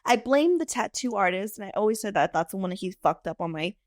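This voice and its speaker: Expressive, lively-voiced woman host. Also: medium pitch, quick pace, no echo, clean studio sound. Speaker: podcast host. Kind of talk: casual podcast chat.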